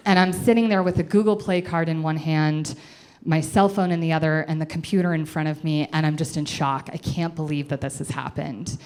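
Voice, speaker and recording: A woman in her twenties telling a self-deprecating comic story to a live audience, animated and chatty. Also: sits low, moderate pace.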